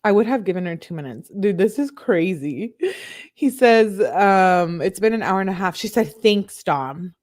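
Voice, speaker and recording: A woman's voice: mid-range voice, animated, moderate pace, darkish tone. A young adult woman casually reading out text messages and adding incredulous comments, as a true crime commentator. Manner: reads texts aloud with incredulous asides.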